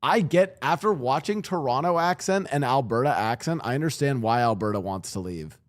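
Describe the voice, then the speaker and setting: A young man rambles through a casual reaction stream, swearing freely and restarting his sentences. His pitch swings widely as he talks. He is close on a streaming mic in a home room. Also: lively intonation, brisk. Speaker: streamer and podcast host.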